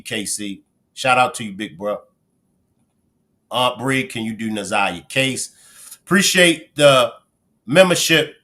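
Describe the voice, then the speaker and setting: A man from Baltimore with a Baltimore accent, hosting a casual livestream and chatting with viewers as he gives shout-outs. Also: mid-range voice. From Baltimore, Maryland. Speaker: livestream host.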